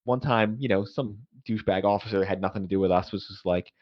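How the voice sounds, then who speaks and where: A man's voice: lowish voice, fairly even intonation, fast talker. A man telling profane, wry service stories in a casual podcast chat. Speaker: podcast co-host, veteran. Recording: lo-fi podcast audio.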